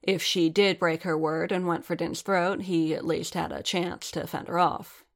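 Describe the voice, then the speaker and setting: A woman narrates a story aloud in an even, steady way. Her voice is low and carries a gravelly texture throughout. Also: moderate pace. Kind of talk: fan fiction reading aloud.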